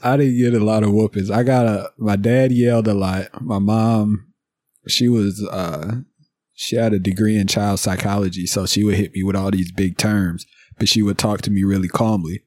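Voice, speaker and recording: A man hosting a podcast, mixing casual chat with scripted clip intros in a dry, low-key way. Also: fairly even intonation, moderate pace, darkish tone, dry recording. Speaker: podcast host.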